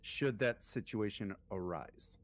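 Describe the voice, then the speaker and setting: A man running a tabletop role-playing game as game master, talking in a loose, relaxed way with many pauses and fillers. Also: lowish voice. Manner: relaxed, lots of ums and filler.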